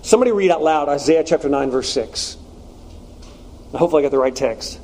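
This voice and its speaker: A man's voice: on the high side, expressive, a little fast, dark tone, a little hiss or hum, low-quality recording. A man preaching a casual sermon to a congregation, speaking conversationally with slangy asides. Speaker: pastor.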